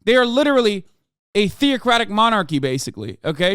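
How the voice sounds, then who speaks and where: A man in his thirties hosting a livestream, reading and answering chat in a profane rant that swings from mumbling to yelling. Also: high-pitched, very animated, quick pace, clean tone, dry recording, clean studio sound. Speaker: streamer.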